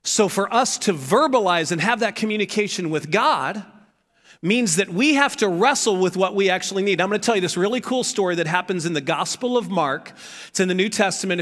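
A man preaching a sermon as pastor, animated, acting out shouted pleas from the story. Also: high voice, in a large hall.

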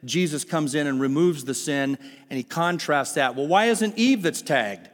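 Animated male preacher in a reverberant hall. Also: on the high side, moderate pace. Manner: animated, rhetorical questions to the congregation. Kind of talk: sermon. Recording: long hall reverb with faint music.

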